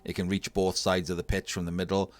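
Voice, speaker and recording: Low-voiced man casting a game match. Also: fairly quick. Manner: analytical, relaxed, thinking aloud with fillers. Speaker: tournament caster. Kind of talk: casual game commentary.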